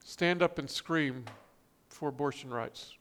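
A man's voice: on the high side, slow, a bit bright. A man preaching a sermon, reading scripture and quotes with emphatic, rising stress and frequent restarts. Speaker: pastor.

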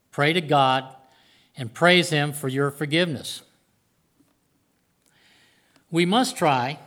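A man's voice: fairly high pitch, a bit bright. An older man preaching a sermon to a congregation in an earnest, plain-spoken way. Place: church before a congregation.

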